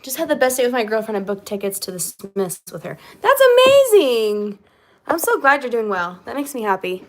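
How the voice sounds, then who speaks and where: A young woman singer livestreams from her small basement apartment home, speaking fast at a medium pitch with few pauses over a slight hiss or hum. She chats casually with viewers, giggles a lot, and reads their comments out loud.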